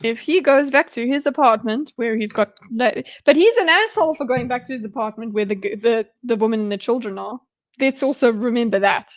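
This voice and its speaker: Woman, streamer, slightly high voice, casual commentary, mutters asides. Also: brisk. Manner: chatty, muttering asides while reading along. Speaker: streamer diagramming a debate.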